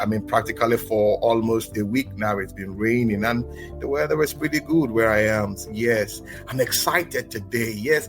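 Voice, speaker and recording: A man from Nigeria hosting a podcast, chatty, often repeating and restarting his words. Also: medium pitch. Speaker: podcast host. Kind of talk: casual interview podcast.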